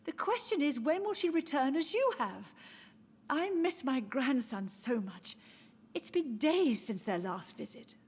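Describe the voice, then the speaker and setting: A woman's voice: high voice, sing-song, a little slow, slight background noise, exaggerated voice. A frail, confused old mother. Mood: gently deluded. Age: older. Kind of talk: game dialogue.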